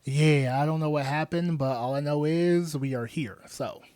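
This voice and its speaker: A man's voice: on the high side, moderate pace, darkish tone, clean tone, no echo. Laid-back man co-hosting a podcast. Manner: laid-back, teasing, with fillers. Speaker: podcast co-host. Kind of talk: casual chat.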